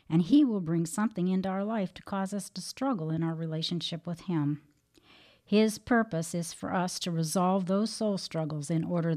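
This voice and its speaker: A woman teaches faith on the radio in a measured, plain-spoken way. Her voice sits a little low and she stays earnest throughout. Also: a little mellow. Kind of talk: devotional teaching and storytelling.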